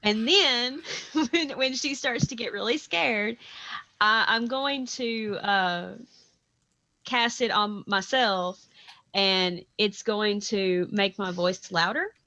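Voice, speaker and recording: A woman playing a tabletop game, animated and laughing as she talks her plans through aloud. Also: mid-range voice, takes it slowly, poor audio. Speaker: player. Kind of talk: casual tabletop play.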